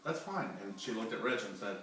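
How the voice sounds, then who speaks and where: Brief: man, sharp bright voice, quick casual telling, very echoey room from afar. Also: fairly low pitch, lively intonation. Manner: chimes in, repeats quoted lines. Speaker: family member recounting the incident. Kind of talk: casual storytelling. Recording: very echoey room, distant mic, faint hum.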